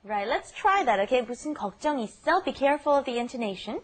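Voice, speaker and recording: A woman hosts a casual language lesson at a brisk pace, her voice sitting a little high. She explains each phrase in an upbeat way and teases her co-host now and then. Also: big pitch swings.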